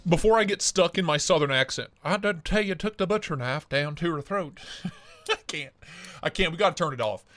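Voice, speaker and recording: A man's voice: fairly high pitch, expressive, fairly quick, a bit bright. A man hosting a live stream, signing off in a playful, jokey casual chat.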